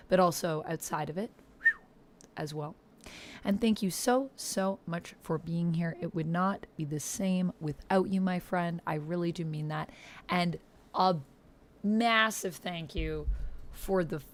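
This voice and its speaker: A woman streamer chatting casually on a livestream, effusively thanking viewers with excited outbursts. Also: lowish voice, a little hiss or hum.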